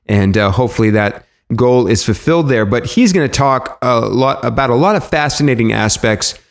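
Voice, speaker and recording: A podcast host introduces the episode in a loose, chatty way, correcting himself and using filler ums. His mid-range voice is creaky and moves at a moderate pace.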